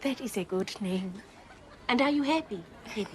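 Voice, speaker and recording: A woman playing a cheerful, kindly middle-aged woman detective, speaking in warm, formal, teasing phrases. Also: medium pitch, animated, normal speed, a little hiss or hum, natural voice. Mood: amused teasing.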